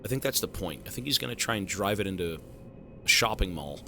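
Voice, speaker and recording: A male streamer thanking donors and joking with his live chat in a profane, animated way. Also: deep voice, fast, gravelly, slight background noise.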